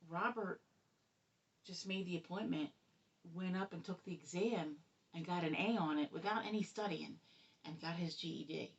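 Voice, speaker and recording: A middle-aged woman telling her son's story in a rambling, halting way, with many restarts. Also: fairly low pitch. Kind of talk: personal storytelling. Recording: distant, dull lo-fi sound.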